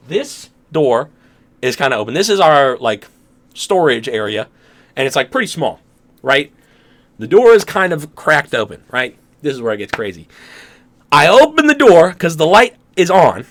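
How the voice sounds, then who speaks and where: A man's voice: medium pitch, big pitch swings, normal speed, fairly bright tone. A young man co-hosting a podcast, telling a dream in casual chat, rambling and laughing often. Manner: rambling, laughs often, acts out his own reactions. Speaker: podcast co-host.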